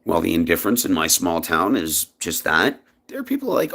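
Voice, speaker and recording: Speaking fast with hardly any pauses, a man from Canada pours out an impassioned monologue on his own vlog. There's a breathy edge to his voice, and he's emphatic, with lively pitch swings.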